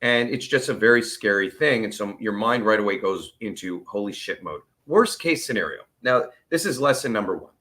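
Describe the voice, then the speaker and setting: A man's voice: fairly low pitch, expressive, moderate pace, hardly any pauses, pushed and bright. A man telling his own story of illness in a candid, earnest way, openly emotional and plain-spoken. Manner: plain-spoken, with the odd curse. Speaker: vlogger sharing his chronic illness story.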